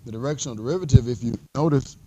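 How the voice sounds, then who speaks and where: A man teaching a math class in a classroom. He talks in a relaxed, conversational way and rambles into stories, restarting often and filling pauses. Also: mid-range voice, slightly rough. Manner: rambling storyteller, frequent restarts and fillers. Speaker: math instructor. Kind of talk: classroom lecture.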